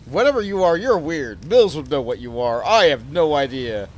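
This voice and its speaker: Animated man commentating a game. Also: on the high side, moderate pace. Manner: animated, jumps between exclamations and mutters. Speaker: let's play streamer. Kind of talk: casual gameplay commentary.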